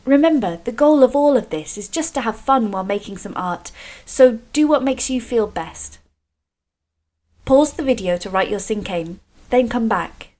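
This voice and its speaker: A woman from Scotland leading a creative writing video workshop for children, explaining slowly and clearly with encouragement. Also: a little high, lively intonation, mellow.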